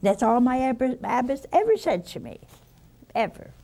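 An older woman, a nun, giving an informal spiritual talk full of personal stories, folksy and unhurried with sighs and soft asides. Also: on the high side, big pitch swings.

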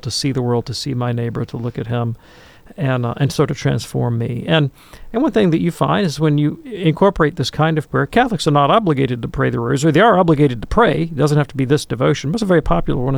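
A man answering listener questions on a radio call-in show, earnest and explanatory, slowing down to stress his points. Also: mid-range voice, gravelly, dry recording.

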